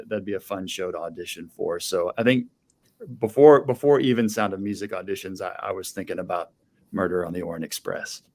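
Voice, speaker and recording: A man's voice: lowish voice, darkish tone. A man, an actor guest in a casual interview, friendly and easygoing, laughing along.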